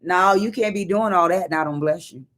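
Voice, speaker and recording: A woman's voice: fairly low pitch, fairly quick, fairly bright tone, lightly acted. A woman voicing a pleased, generous king who exclaims with emphasis. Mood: exclaiming.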